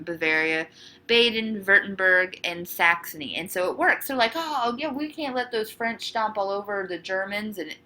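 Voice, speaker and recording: Woman, history teacher, bright clear voice, chatty lecture with fillers and asides. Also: mid-range voice. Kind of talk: recorded classroom lecture.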